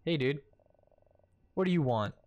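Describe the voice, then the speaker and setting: A man's voice: fairly high pitch, expressive, a little slow, phone-quality sound. A man reading a rude tired stranger. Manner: plain reading of game dialogue.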